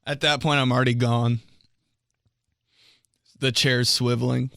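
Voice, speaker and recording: A man's voice: mid-range voice, level tone, a little slow, creaky, sharp tone, slight background noise. A young man hosting a podcast, telling comic stories in a casual monologue, laughing often and mimicking voices. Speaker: podcast host.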